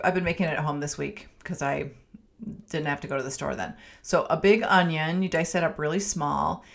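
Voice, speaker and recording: A woman's voice: low voice, creaky, fairly bright tone. Chatty Minnesotan woman podcast host. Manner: chatty, homey, with many ums and restarts. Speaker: podcast host and family physician. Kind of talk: casual solo podcast talk.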